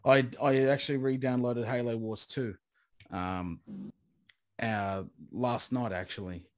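A man's voice: medium pitch, fairly even intonation, unhurried, no echo, studio quality. A young man hosting a casual podcast about games, rambling and enthusiastic, swearing freely. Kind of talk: casual gaming chat.

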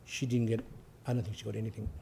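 A man's voice: on the low side, flat delivery, fast, gravelly, dark tone, a little hiss or hum. A male Orthodox priest giving an informal spiritual talk. He speaks conversationally, with anecdotes and frequent fillers, and reads passages aloud with rising emphasis.

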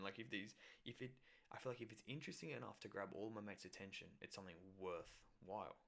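A man with a deep voice shares a personal story in a loose, casual way. His voice has a gravelly fry, and he wanders and corrects himself as he talks. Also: quick pace, fairly bright tone. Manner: rambling, filler-heavy, self-correcting.

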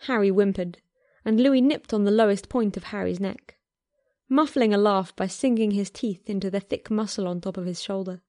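A woman calmly reading a romance story aloud in a measured voice. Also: medium pitch, no echo, clean studio sound. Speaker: fan fiction reader.

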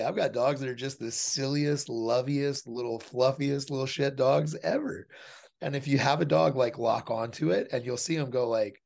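A man in a relaxed interview setting, his voice husky and breathy at the edges. He talks bluntly and swears freely, putting on voices to play out how other people react. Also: mid-range voice, moderate pace. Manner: blunt and profane, acts out quoted voices. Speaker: podcast guest, fighter and dog trainer. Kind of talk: casual interview talk.

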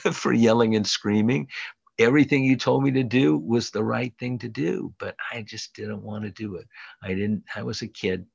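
A man's voice: on the low side, gravelly, no echo. A man in his late sixties giving a rambling, hesitant personal share from the podium at a recovery meeting. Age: 60s. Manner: rambling and hesitant, many fillers. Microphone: podium mic. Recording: dull lo-fi dry recording.

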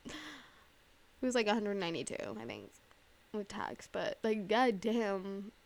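A woman's voice: mid-range voice, big pitch swings, a little slow, vocal fry, no room sound. Young woman rambling on her podcast. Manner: rambling, filler-heavy, profane, laughing at herself. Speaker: podcast host. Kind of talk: casual solo podcast chat.

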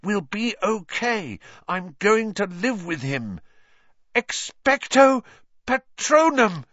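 A desperate teenage boy wizard cries out in a high, straining voice, played by a man reading a story. He sounds frantic and pushed to his limit. The recording is dry and a little muffled. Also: sing-song, slow pace, fairly bright tone, no echo, exaggerated voice. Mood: pleading.

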